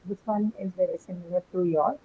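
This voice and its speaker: A woman's voice: fairly low pitch, steady tone, fairly quick, slightly rough. A woman English teacher giving an online class. She talks patiently, asks the students questions and often checks with them by asking "right?". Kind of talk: online class lecture on word stress. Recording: tinny phone-like call audio.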